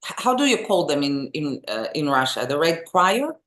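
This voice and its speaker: A middle-aged woman, a singer and vocal teacher telling animated stories as an interview guest. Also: sits low, moderate pace. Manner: animated, expressive storyteller. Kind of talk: casual interview storytelling. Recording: echoey room.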